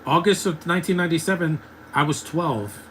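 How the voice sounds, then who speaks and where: A man's voice: a little high, fairly quick, a bit bright, a little hiss or hum, rough recording. A man in his thirties giving opinionated, ranting live commentary while watching a movie, laughing often. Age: 30s.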